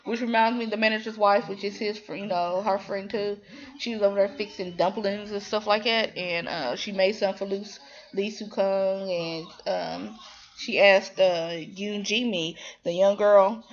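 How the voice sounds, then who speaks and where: A woman with a mid-range voice, speaking at normal speed over dull audio, casually recaps a TV drama episode. She rambles with lots of fillers and restarts, animatedly slipping into quoted voices.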